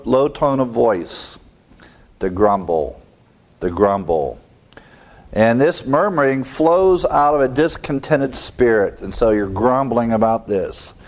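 A man's voice: medium pitch, darkish tone. Pastor, male, mid-range voice, teaching-style sermon with rhetorical questions and light chuckles. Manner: teaching, explains word meanings, asks rhetorical questions. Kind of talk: expository sermon.

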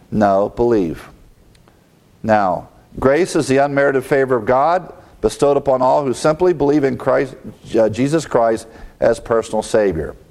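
A man's voice: medium pitch, darkish tone. Man, preacher, expository sermon, earnest teaching tone, rhetorical questions, mid-range voice.

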